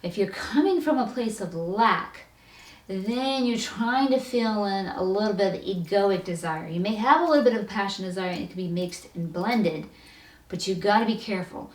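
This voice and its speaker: Woman, motivational talk, lively, mid pitch, roomy echo. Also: moderate pace. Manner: animated, acts out little quoted voices. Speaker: spiritual coach. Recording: roomy echo, distant from the mic.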